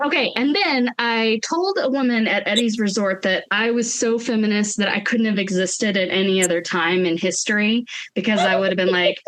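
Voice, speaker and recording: A woman co-hosting a podcast, telling a story, animated and acting out the voices of the people she quotes. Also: mid-range voice, moderate pace, few pauses. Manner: animated, acts out quoted voices, laughs often. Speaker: podcast co-host. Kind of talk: casual storytelling chat.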